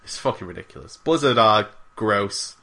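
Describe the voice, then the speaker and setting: A man's voice: lowish voice, lively intonation, moderate pace, vocal fry, pushed and bright. Guy on a gaming podcast, rambly, mocks himself, swears a lot, casual. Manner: rambling, self-mocking, sweary. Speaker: podcast co-host. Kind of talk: casual chat.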